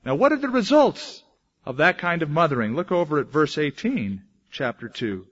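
A man's voice: on the high side, big pitch swings, moderate pace, breathy edge. Emphatic male preacher, lo-fi recording. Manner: emphatic, swings between loud declaration and hushed asides. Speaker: pastor. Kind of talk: sermon.

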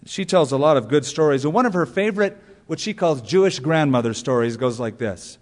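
A man's voice: fairly high pitch, animated, brisk, darkish tone. Preaching man in a reverberant space. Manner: storytelling preacher, rhetorical questions, emphatic punch lines. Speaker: pastor. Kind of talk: sermon.

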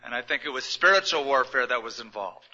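A middle-aged man gives a conversational, gently humorous sermon in a big church auditorium. His voice is very bright and forward. The recording is dull and lo-fi, with a long reverb tail from the hall. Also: medium pitch, expressive, quick pace. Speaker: pastor.

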